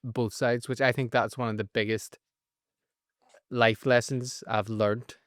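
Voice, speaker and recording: A man in his thirties hosting a podcast, speaking earnestly with joking asides. His voice is smooth and mid-pitched, recorded close and dry. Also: little pitch movement, measured pace, no echo. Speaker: podcast host. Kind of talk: casual chat.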